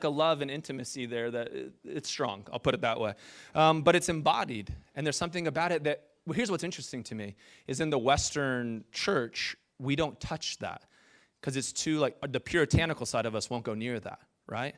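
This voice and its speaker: A man giving a conversational sermon as a pastor, animated and jokey, talking with his congregation. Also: mid-range voice.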